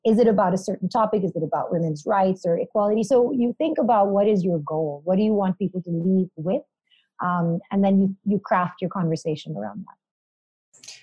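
A woman's voice: mid-range voice, a little fast, dark tone, breathy edge, dry recording, lo-fi sound. A woman, a presenter being interviewed, telling stories in an upbeat, chatty way. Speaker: interview guest, entertainment presenter. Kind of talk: casual interview talk.

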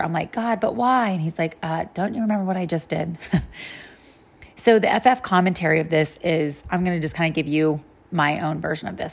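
Woman, Bible study teacher, slightly low voice, chatty, plays out the story's voices. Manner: chatty, animated, acts out quick voices for God and people.

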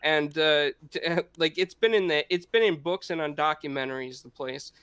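A man's voice: a little high, moderate pace, a bit bright, clear, resonant tone, no echo. A man chatting casually and rambling about family stories, laughing often and restarting his sentences. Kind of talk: casual chat.

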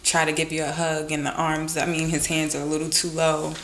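A woman's voice: low voice, completely flat delivery, brisk, fairly bright tone, a little hiss or hum. A woman in a casual chat, telling stories in an emphatic, indignant way.

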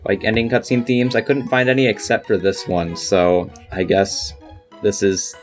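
A man's voice: lowish voice, moderate pace, soft background music. A man co-hosting a podcast in casual chat, eager and rambling with many fillers. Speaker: podcast co-host.

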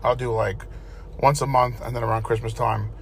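A man's voice: mid-range voice, flat delivery, normal speed, gravelly. Man, casual chat, profane rambling storyteller, faint hiss.

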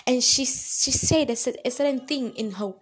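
A woman's voice: high voice, moderate pace, breathy edge, soft background music, rough recording. A woman preaching a devotional message, earnest and repetitive, building to fervent emphasis. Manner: retells a story with lively acted quotes. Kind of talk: devotional exhortation.

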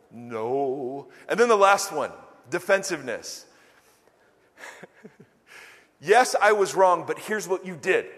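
A middle-aged male pastor preaching a sermon, telling self-deprecating stories and acting out quotes. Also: a little high. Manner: animated, self-deprecating storytelling with acted quotes. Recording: long hall reverb.

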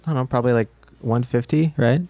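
A man's voice: medium pitch, fast, warm tone, no echo, faint music behind. Rules-minded man at the game table. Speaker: player. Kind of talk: casual tabletop game chat.

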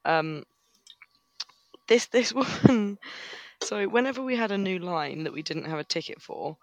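Gravelly man telling crude stories. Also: sits high, a little slow. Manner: crude, wry storytelling with laughs. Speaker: podcast co-host. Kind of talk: casual storytelling chat.

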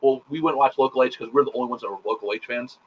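A man talking fast and loose on a casual podcast, swearing freely as he spins a long anecdote. He acts out what everyone said, one line after another, at a mid-range pitch. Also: a little hiss or hum, poor audio. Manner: rapid, profane storytelling full of quoted dialogue. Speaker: podcast host. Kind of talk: casual chat.

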